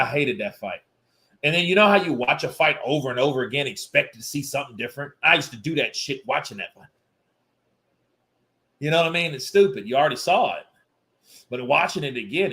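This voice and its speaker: A man's voice: medium pitch, sharp tone. A man hosting a casual boxing livestream, loose and joking, who laughs often and swears freely. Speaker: live stream host.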